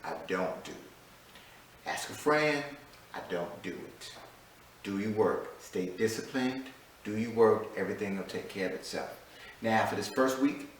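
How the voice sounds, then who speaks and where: A lower-voiced man speaks as a teacher introducing his online course, leaning hard on key points and repeating them. He sounds a little set back from the mic, and the room around him rings with heavy echo. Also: slight background noise. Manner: emphatic, repeats key phrases. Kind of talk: recorded class introduction. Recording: echoey room, mic at a distance.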